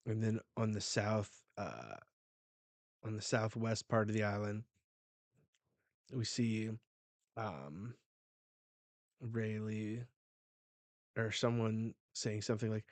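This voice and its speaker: A man hosting a casual manga reaction, excitable and a little foul-mouthed as he narrates the panels. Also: on the low side, takes it slowly, pauses often, no echo. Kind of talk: casual live reading reaction.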